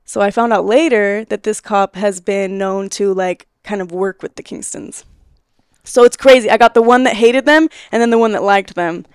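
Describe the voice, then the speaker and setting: A young woman in her twenties with a smooth, clear voice, telling a story as a podcast guest. She is animated and laughs often, acting out quoted lines as she goes. The sound is dry and close, with no room echo. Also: mid-range voice, normal speed. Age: 20s. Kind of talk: casual storytelling conversation.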